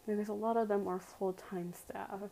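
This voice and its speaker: A woman's voice: mid-range voice, steady tone, normal speed, vocal fry, dark tone, slight background noise, rough recording. A woman telling a personal story to her viewers in a casual, emphatic way, full of "like" fillers and direct appeals.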